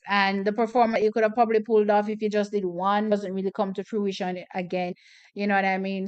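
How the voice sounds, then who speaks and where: A woman's voice: mid-range voice, clear, resonant tone, lo-fi sound. A woman hosting a track watch party, chatting and commenting on races with strong, repeated opinions. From Jamaica. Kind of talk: casual live track commentary.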